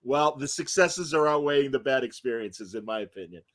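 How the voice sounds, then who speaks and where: A man's voice: mid-range voice, lively intonation, a little fast. A man hosting an interview show, chatting casually and praising his guest with an encouraging manner. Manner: warm, encouraging, effusive praise. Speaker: host.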